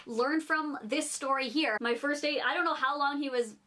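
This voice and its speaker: A woman's voice: high voice, moderate pace, bright, forceful tone, slight background noise. A young woman telling a story on her vlog in a chatty way, full of "like" fillers. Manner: chatty, heavy use of "like" fillers. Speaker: vlogger.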